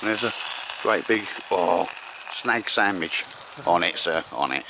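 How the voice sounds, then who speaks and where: A man with a lowish voice talks casually while out in the woods, encouraging those around him and calling them mate and sir. The outdoor recording carries a clear layer of background noise. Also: lively intonation, unhurried. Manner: chatty, encouraging, calls everyone mate and sir. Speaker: bushcraft vlogger and host.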